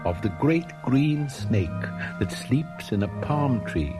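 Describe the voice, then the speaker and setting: A man narrating a storybook with expressive, dramatic delivery. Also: mid-range voice, slow, over music. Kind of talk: storybook reading.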